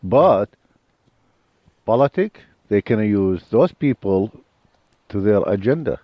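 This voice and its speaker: A low-voiced man speaks earnest, blunt English with grammar. The sound is a little muffled and dry, with faint music underneath. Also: expressive, takes it slowly, no echo. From Iraq. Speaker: guest. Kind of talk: casual conversation. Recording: slightly dull with faint music.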